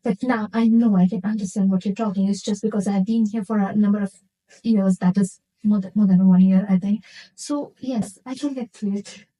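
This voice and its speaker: A woman's voice: mid-range voice, fairly even intonation, normal speed, dark tone, low-quality recording. A woman from India, a nurse interviewing a guest and earnestly reflecting on her own experiences. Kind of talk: casual interview chat.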